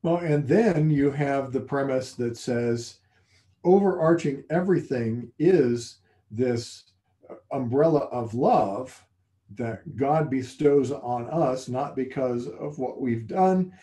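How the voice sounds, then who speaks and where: A man co-hosting a relaxed conversation about faith, his voice warm and mellow. He talks thoughtfully, pausing and restarting as he works through ideas. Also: medium pitch. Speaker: co-host. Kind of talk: casual faith discussion.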